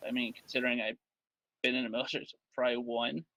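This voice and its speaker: A man playing a tabletop role-playing game, excitable and quick to swear, with frustrated outbursts. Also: mid-range voice, no room sound. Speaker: player.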